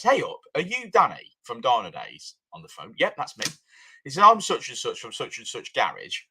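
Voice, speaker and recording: Man, middle-aged, casual storytelling, animated, bright voice. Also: mid-range voice. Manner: animated, acts out both sides of conversations. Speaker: tuning shop owner.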